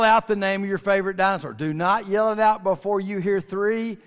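Folksy high-voiced man joking in a hall. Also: slight background noise. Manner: folksy, joking, drawn-out emphasis. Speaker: speaker at a creation ministry. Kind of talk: lively talk to a family audience. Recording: long reverb of a large hall.

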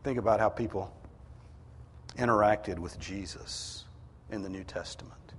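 A man preaching a sermon, emphatic, rising in pitch and force to drive his points home. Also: measured pace, fairly bright tone, long reverb tail, a little hiss or hum.

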